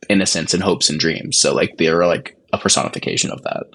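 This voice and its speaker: A man's voice: extremely low pitch, a little fast, fairly bright tone, breathy edge. A man co-hosting a podcast in casual chat, thoughtful with hesitant starts. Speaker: podcast co-host.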